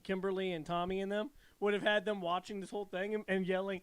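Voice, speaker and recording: A man co-hosting a podcast in casual chat, animated and mocking, slipping into silly voices. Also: high-pitched, fast talker, clean tone. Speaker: podcast co-host.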